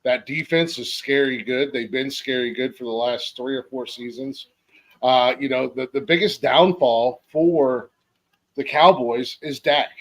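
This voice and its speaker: A man's voice: medium pitch, steady tone, measured pace. A man from Ohio hosting a casual football podcast, easygoing, with plenty of fillers. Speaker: podcast host. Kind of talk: casual sports chat.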